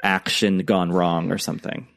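A man's voice: low voice, level tone, normal speed, vocal fry, fairly bright tone. A man co-hosting a podcast in casual chat, hesitant and joking with many fillers. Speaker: podcast co-host.

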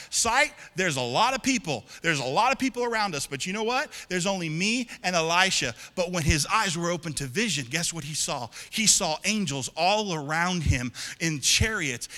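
A male pastor with a fairly high, bright voice preaches in a casual, joking way, pushing some lines out loud and dropping others to a near whisper. His voice carries the long reverb of a large church hall. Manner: conversational and joking, swinging from loud emphasis to hushed whispers. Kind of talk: sermon. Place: church auditorium.

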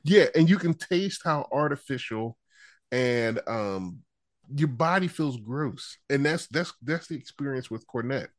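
A man co-hosting a casual wrestling podcast, animated and quick to laugh and mimic people. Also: medium pitch, no echo. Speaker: podcast co-host.

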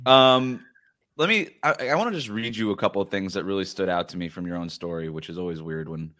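A man with a low voice hosting a sports podcast. He talks in a chatty, casual way, with plenty of fillers and restarts, and now and then reads quotes aloud. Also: brisk, a bit bright. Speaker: podcast host.

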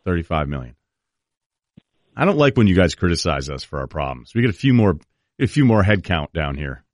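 A man's voice: deep voice, big pitch swings, a little fast, no room sound, studio quality. A man hosting a talk show, chatting loosely and joking with his guest. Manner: easygoing, joking, trails off and restarts. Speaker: host. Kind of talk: casual chat.

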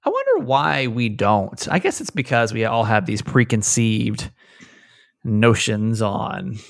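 A man's voice: medium pitch, sing-song, takes it slowly, vocal fry, dry recording, studio quality. A man co-hosting a casual podcast with his mother, talking in a playful, teasing way. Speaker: co-host, son.

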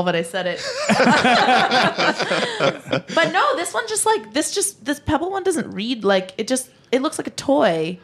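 A woman's voice: lowish voice, unhurried. A woman guest on a tech podcast, chatting casually and thinking aloud with lots of "like" and "um". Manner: relaxed, thinks aloud with likes and ums. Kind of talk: casual chat.

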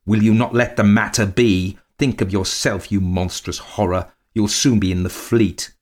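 A man voicing a brooding, sullen gentleman who flares into rage. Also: low-pitched, fairly even intonation, normal speed. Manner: sullen and grim, flaring into rage.

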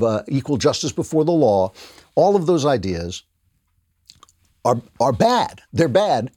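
A man's voice: medium pitch, a little mellow, breathy edge. A middle-aged man hosting a political commentary show, giving an indignant, sarcastic opinion monologue. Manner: sarcastic, indignant, mocking voices of opponents.

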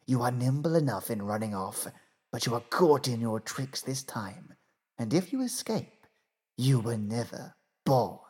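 Guy doing cruel jealous sisters from a fairy tale, low and hushed, nasty threats. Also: very animated, a little slow. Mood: menacing.

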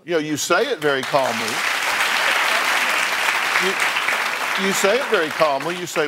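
A man's voice: a little high, lively intonation, measured pace, pauses often, over a noisy crowd, very noisy. A man hosting a talk show, bluntly lecturing his guests and repeating points for emphasis. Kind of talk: confrontational counseling.

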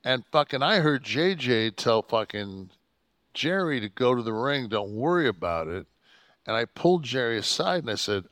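A man's voice: mid-range voice, sing-song, moderate pace, fairly bright tone, no room sound. A man co-hosting a podcast, telling a story in a profane, heated, rambling way. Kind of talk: casual storytelling chat.

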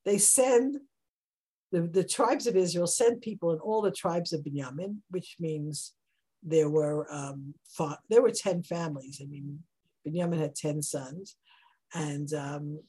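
A woman teaching a text study lesson, explaining verses in an animated, emphatic way and rising sharply on rhetorical questions. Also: low voice, a little slow, breathy edge, rough recording. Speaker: Torah teacher.

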